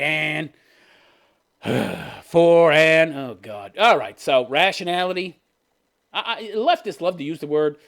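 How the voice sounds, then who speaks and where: A man in his fifties hosts a commentary show, ranting about posts in a sarcastic, profane, scoffing way. His voice sits a bit high for a man. It swings widely up and down as he mocks and jabs. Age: 50s. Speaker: commentary channel host.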